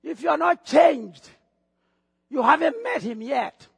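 A middle-aged man from Africa with an African accent, preaching a sermon as pastor, excitable and bursting into shouts, often repeating phrases. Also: extremely high pitch, takes it slowly, creaky, dry recording.

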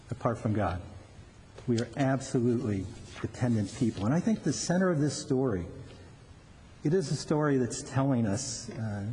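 A man's voice: mid-range voice, warm tone. A male pastor preaching a sermon in an earnest way, often repeating words as he restarts a thought, in a large hall. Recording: long reverb with faint background noise.

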